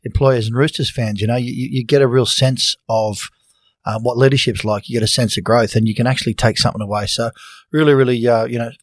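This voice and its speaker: A man's voice: medium pitch, fairly even intonation, fast talker, no echo, studio quality. An Australian man co-hosting a sports podcast, enthusiastic and full of praise. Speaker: podcast host. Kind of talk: casual sports chat.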